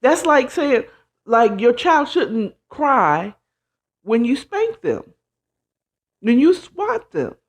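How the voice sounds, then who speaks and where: Lively woman giving casual life advice. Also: high-pitched, slow, long pauses. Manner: animated, swears, acts out quoted voices; says "child" and "you know what I'm saying". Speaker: host.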